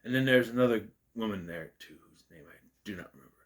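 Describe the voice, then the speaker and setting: A man's voice: fairly low pitch, fast talker. A young man giving a casual, rambling movie review, often correcting himself mid-sentence. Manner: rambling, self-correcting, animated. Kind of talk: casual spoken film review.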